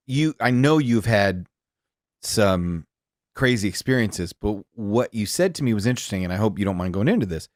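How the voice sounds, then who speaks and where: A man hosting a podcast, chatting and asking his guest questions in a relaxed way. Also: fairly low pitch, no room sound, clean studio sound. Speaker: podcast host. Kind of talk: casual podcast chat. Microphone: podcast studio mic.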